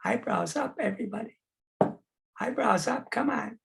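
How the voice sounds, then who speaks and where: Older guy coaching a group thru silly face exercises, slow and kinda gravelly, coaxing everyone along. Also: mid-range voice, animated. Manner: playful, coaxing, demonstrates sighs and growls. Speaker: speaker leading a group exercise. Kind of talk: instructional talk with face exercises.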